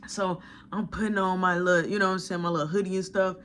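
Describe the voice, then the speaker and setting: A young man telling a story in casual slang, animated as he acts out what people said to him. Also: sits high, quick pace, a little hiss or hum. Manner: animated retelling, acting out others' quotes in slang.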